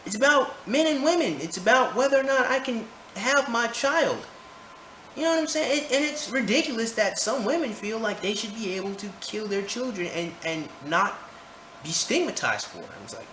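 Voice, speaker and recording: A man's voice: very high voice, very animated, normal speed, pushed and bright. Heated, profane man ranting in echoey room. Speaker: vlogger. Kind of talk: opinion rant to camera. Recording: roomy echo, faint background noise.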